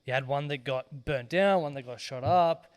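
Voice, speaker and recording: A man's voice: medium pitch, moderate pace. A man hosting a podcast, speaking in an encouraging, conversational way. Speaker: podcast host. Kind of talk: casual interview chat.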